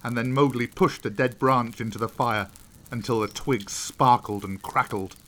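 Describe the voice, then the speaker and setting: A man narrating a storybook in an expressive reading voice. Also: mid-range voice, moderate pace.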